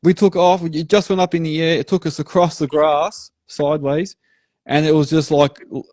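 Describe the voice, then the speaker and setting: A man's voice: on the high side, normal speed, no room sound, studio quality. Chatty Australian man telling stories. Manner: animated storytelling, swears casually. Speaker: podcast host. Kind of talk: casual chat.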